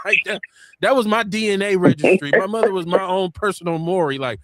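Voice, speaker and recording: A man hosting a casual podcast talk show, telling stories with lively quoted voices. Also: high voice, brisk, over a noisy crowd. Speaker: podcast host. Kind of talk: casual chat.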